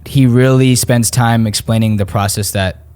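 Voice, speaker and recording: A man's voice: medium pitch, fairly even intonation, moderate pace, darkish tone, smooth. A man co-hosting a podcast who explains the lessons in a rambling, laid-back way. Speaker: podcast co-host. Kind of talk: casual podcast chat.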